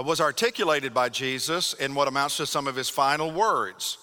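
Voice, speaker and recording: A man preaching from the pulpit in a fairly high, forceful voice that carries. He leads the congregation in call-and-response and draws out the phrases he wants to land. A long reverb from the church sanctuary trails behind every line. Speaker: pastor. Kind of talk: sermon.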